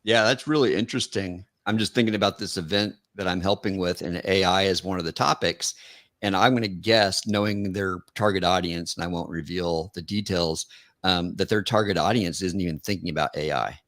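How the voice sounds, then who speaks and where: Male host with a lowish voice, reflective and conversational, dry close sound. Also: a little fast, a bit bright, dry recording. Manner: reflective, conversational, thinks aloud. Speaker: podcast host. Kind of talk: casual interview chat.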